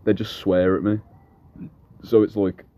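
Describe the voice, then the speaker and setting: Young man, very low voice, blunt and sweary storyteller, faint background hum. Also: little pitch movement, measured pace, mellow. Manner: blunt, swears freely, rambling anecdotes. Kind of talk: casual chat.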